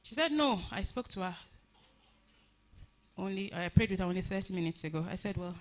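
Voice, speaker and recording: A woman giving a personal tribute at a funeral service, telling her story earnestly with many halting restarts. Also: medium pitch, lively intonation.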